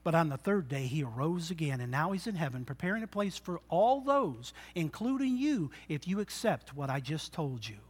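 A man preaching a sermon, moving from quiet, intimate talk to loud exhortation and acting out the voices of people in his stories. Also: fairly high pitch, very animated, normal speed, hardly any pauses. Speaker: pastor.

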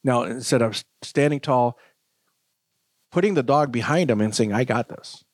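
A man's voice: mid-range voice, expressive, normal speed, a little mellow, no room sound. A man who trains dogs, a guest on a podcast, explaining behavior patiently with everyday examples. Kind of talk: podcast interview.

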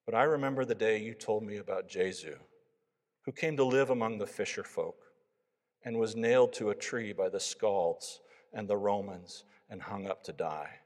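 A man reading aloud as an eager, earnest Viking man who is a new believer, in a loud storytelling voice. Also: fairly low pitch, moderate pace, lightly acted. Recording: long hall reverb.

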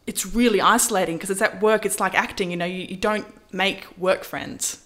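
A woman in casual storytelling, lively, acting out quoted lines with big pitch jumps. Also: moderate pace. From Australia. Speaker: model, interview guest.

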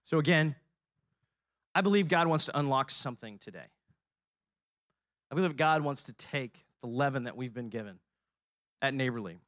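A man giving a motivational faith talk, preaching and building up to rousing shouts. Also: medium pitch, normal speed, long pauses, dry recording, clean studio sound. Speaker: speaker at a faith-based business gathering. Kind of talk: motivational sermon.

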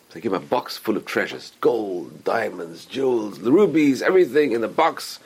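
A man's voice: medium pitch, brisk, slightly rough. A man telling a religious story with a moral lesson, acting out the characters' lines. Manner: animated, acts out characters' lines.

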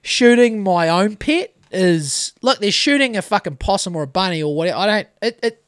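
A man's voice: high voice, expressive, moderate pace, fairly bright tone, clean tone, no room sound, clean studio sound. A man in his thirties with a New Zealand accent, telling a rambling story on a casual podcast and swearing freely. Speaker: podcast host. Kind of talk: casual chat.

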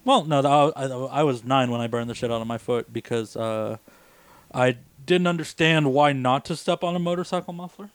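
A man's voice: mid-range voice, moderate pace, clean tone, no room sound. A young man co-hosting a podcast, telling a story in a casual, profane way and laughing often. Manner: laughs while telling stories, profane and wry. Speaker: podcast co-host.

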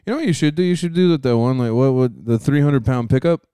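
A young man with a smooth, clean voice cohosting a comedy podcast. He tosses out dry, teasing one-liners with casual swearing. The recording is dry, with no room sound. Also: mid-range voice, lively intonation, fast, warm tone, dry recording. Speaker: podcast co-host.

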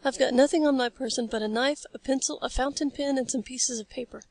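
A woman reading the lines of a calm, learned male scientist in a storybook, in a measured, explanatory way. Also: high voice, vocal fry.

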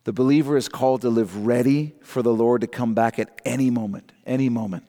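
A middle-aged man preaching a sermon, emphatic and rising in pitch on key points, slowing down to read scripture aloud. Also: dark tone. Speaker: pastor. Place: church sanctuary. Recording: long hall reverb.

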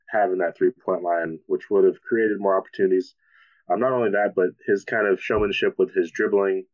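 A man in a casual sports podcast chat, talking hesitantly with many fillers. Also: low-pitched. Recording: dull lo-fi audio.

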